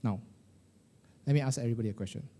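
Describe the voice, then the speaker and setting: A middle-aged man, coaching a live group of financial advisors in a lively, colloquial way, firing questions at the room. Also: mid-range voice, very fast. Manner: animated, questioning the audience, colloquial with "lah" and "eh". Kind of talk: motivational workshop talk to a live group.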